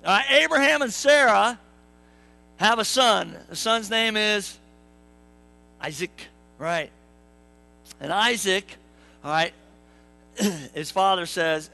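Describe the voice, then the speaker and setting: A male pastor delivers a sermon in a church, keeping it casual and full of jokes, turning to the congregation as he talks. His voice sits high and rings bright and clear, and he slips into playful voices when he acts out the quotes. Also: moderate pace, pauses often, rough recording. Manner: joking, conversational preaching with asides to the congregation. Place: church sanctuary.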